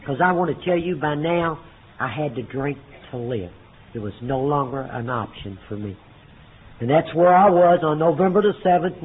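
A man speaking at a recovery meeting, telling his story in a folksy way, booming on punchlines and dropping low for quoted lines. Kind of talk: personal testimony to a meeting. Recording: tinny phone-like recording with faint noise.

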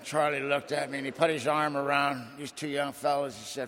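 A man's voice: mid-range voice, level tone, brisk, hardly any pauses, fairly bright tone, a little hiss or hum. A man giving a dramatic, folksy recovery testimony to a meeting. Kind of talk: personal testimony storytelling. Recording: long hall reverb.

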